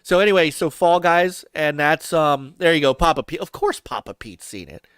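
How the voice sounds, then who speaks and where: A man's voice: on the high side, expressive, moderate pace, fairly bright tone, clean tone, no room sound. A man hosting a video game podcast in casual chat, talking in a loose, chatty way with restarts. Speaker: podcast host.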